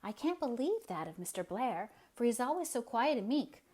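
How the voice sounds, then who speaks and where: A woman's voice: a little high, sing-song, moderate pace, darkish tone, breathy edge, pitched above the performer's own voice. Storybook: earnest idealistic teen girl, voiced by a woman narrator. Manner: enthusiastic, earnest. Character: earnest idealistic sixteen-year-old girl.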